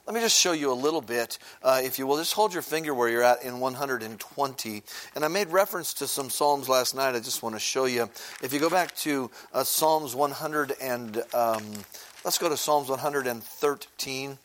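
A man's voice: medium pitch, moderate pace, fairly bright tone, a little hiss or hum. A man preaching a sermon in a conversational teaching manner, using many filler words and asking the congregation questions as he explains. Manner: briefly sings a short chorus.

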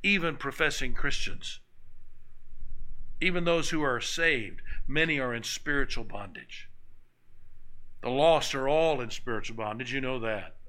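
A man's voice: medium pitch, measured pace, long pauses, pushed and bright, low-quality recording. A man preaching a sermon in a church, speaking conversationally with anecdotes and repeated phrases. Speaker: pastor. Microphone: microphone on a stand.

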